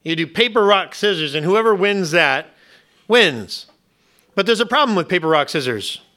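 Bright-voiced male pastor preaching. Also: high voice, animated, moderate pace. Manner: conversational preaching with rhetorical questions and acted-out voices. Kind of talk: sermon.

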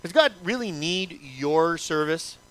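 Male pastor preaching, kinda high voice, keeps firing questions at the crowd. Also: lively intonation, takes it slowly, a bit bright. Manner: emphatic, repetitive, asks the congregation many rhetorical questions. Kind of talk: sermon.

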